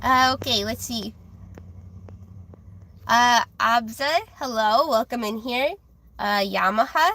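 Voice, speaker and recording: A young woman with a high, childlike voice, chatting casually with viewers on a livestream while reading tarot. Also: slow pace, long pauses, bright, forceful tone, a little hiss or hum. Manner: chatty, giggly, reads chat aloud.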